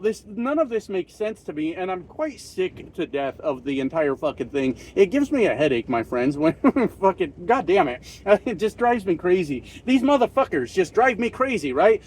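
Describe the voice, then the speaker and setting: A man's voice: sits high, expressive, moderate pace. A man delivering an angry, profane political rant, so worked up he runs short of breath and coughs between his fillers. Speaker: political commentary vlogger.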